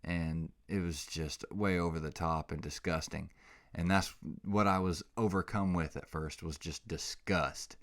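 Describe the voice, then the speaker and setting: A man's voice: low voice, fairly even intonation, unhurried, fairly bright tone. A man hosting a casual solo podcast, rambling and self-mocking, a little out of breath, close on a microphone. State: slightly out of breath. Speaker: podcast host.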